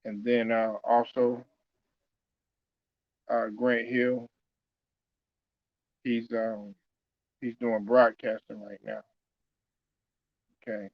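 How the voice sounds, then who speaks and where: A man's voice: medium pitch, level tone, very slow, pauses often, dry recording, dull audio. A man talking casually about basketball, loose and conversational, with many fillers and restarts. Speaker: sports commentator. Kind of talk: casual basketball opinion talk.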